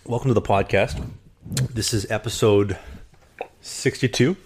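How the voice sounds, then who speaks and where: A man's voice: fairly low pitch, a little slow, darkish tone, a little hiss or hum. A man hosting a casual podcast, joking and rambling in a self-mocking way. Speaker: podcast host.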